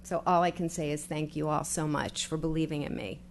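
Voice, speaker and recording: A woman's voice: low voice, steady tone, vocal fry, slight background noise. Older woman giving a heartfelt acceptance speech. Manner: heartfelt, halting, grateful, with fillers and restarts. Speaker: newly elected official giving acceptance speech. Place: public meeting hall with audience.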